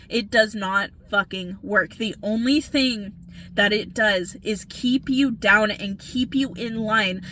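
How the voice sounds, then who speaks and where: A tired woman delivers an earnest spiritual pep talk in an unhurried, deliberate way. Her voice is bright and sits a little high. She keeps checking in with "okay?" and lets a swear word slip for emphasis. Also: slight background noise. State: tired from working all night. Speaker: spiritual reader.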